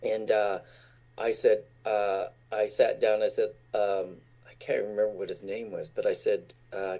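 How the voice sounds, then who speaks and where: A man's voice: fairly low pitch, little pitch movement, unhurried, mellow. A man in his sixties from Utah, a guest actor telling casual stories and laughing often. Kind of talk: casual storytelling.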